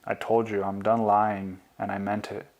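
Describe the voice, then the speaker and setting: A man reading his own memoir as an audiobook, in a quiet, confessional tone. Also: lowish voice, monotone, normal speed, highs cut off. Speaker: memoir author and narrator.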